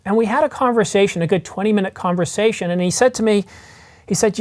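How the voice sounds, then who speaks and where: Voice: medium pitch, fast. A camera news vlogger talking in a casual, enthusiastic way, rambling and thinking aloud with frequent self-corrections. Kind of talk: casual vlog commentary.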